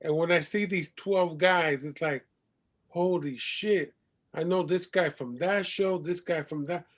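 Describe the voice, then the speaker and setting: A man with a higher voice recounting an audition story at an unhurried, drawn-out pace. His tone is relaxed and conversational. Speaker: actor. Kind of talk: anecdote told to an audience.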